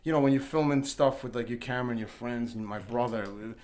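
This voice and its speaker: A man's voice: medium pitch, quick pace, darkish tone. Rambling storyteller man on a podcast. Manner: rambling storyteller, full of restarts, laughing when acting out quotes. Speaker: podcast guest. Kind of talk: casual chat.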